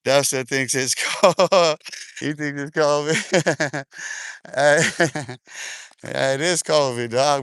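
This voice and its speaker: A middle-aged man hosting a casual livestream, talking loudly with laughter and profane street slang while walking outdoors in a park, speaking into a phone. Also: fairly high pitch, takes it slowly, smooth, no room sound, studio quality. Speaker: livestream host. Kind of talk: casual livestream chat reading comments.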